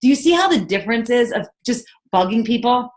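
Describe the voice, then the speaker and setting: A woman's voice: a little high, a little fast, noisy background. Upbeat woman coaching her team. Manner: energetic, enthusiastic, fires off rhetorical questions. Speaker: sales team leader. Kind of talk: motivational coaching on a team call. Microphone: conference call.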